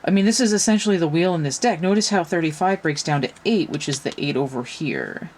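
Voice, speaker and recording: This tarot reader talks fast in a low, darkish voice that is very animated, with a little hiss or hum audible. Giving a casual reading, she is frank and somewhat profane, peppering listeners with one rhetorical question after another.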